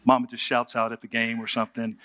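A man's voice: medium pitch, completely flat delivery, fast talker, bright, forceful tone. A man preaching a conversational sermon, telling the story with humor and asking the audience rhetorical questions. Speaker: pastor.

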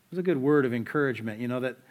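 A man's voice: mid-range voice, very fast. A man preaching a sermon in a conversational, storytelling way, full of rhetorical questions to the listeners. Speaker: pastor.

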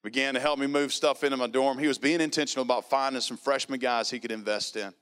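Smooth-voiced man telling his testimony. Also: mid-range voice, quick pace. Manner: earnest, storytelling, animated quoting. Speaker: speaker giving a testimony. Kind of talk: personal testimony sermon.

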